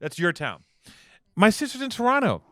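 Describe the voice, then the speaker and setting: A man's voice: high-pitched, huge pitch swings, normal speed, a bit bright, no room sound, studio quality. A man co-hosting a podcast, telling stories in a joking, teasing way and swearing freely. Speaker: podcast co-host. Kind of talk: casual chat.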